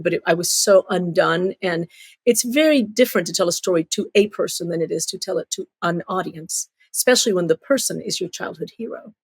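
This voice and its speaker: A middle-aged woman from Cuba, an author telling stories in an interview, animated and acting out voices. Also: on the low side, husky, dry recording. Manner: animated storyteller, acts out voices. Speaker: children's author and storyteller. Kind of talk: storytelling interview.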